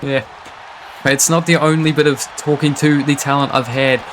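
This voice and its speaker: Man, wrestling play-by-play, excitable, fairly high voice, faint background hiss. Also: normal speed. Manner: excitable, often laughing and exclaiming. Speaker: wrestling commentator. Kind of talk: live play-by-play commentary.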